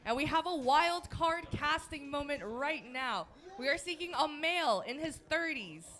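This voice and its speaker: A woman's voice: high-pitched, lively intonation, moderate pace, a bit bright. A woman hosting a live script reading and announcing the cast in an upbeat way on a handheld microphone. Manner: upbeat, cheering introductions. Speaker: event host. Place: live event venue.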